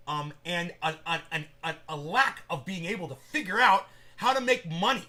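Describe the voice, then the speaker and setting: A man's voice: high voice, moderate pace, few pauses, bright, forceful tone. A man hosting a livestream, rambling casually and with profanity while addressing viewers in chat by name. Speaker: livestream host.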